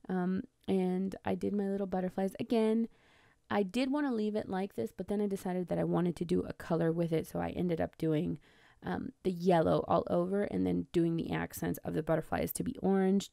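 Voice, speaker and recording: A young woman narrates in a relaxed, chatty voice-over, often pausing on fillers and restarting her sentences. Her voice is mellow with a gravelly fry at the ends of phrases. The recording is dry, with no room sound behind her. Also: fairly low pitch, no room sound. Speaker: bullet journal vlogger.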